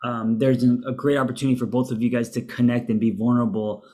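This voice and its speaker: A man's voice: mid-range voice, fast. A man co-hosting a podcast, giving casual relationship advice with frequent fillers and restarts. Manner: relaxed, hesitant with fillers and restarts. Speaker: podcast co-host.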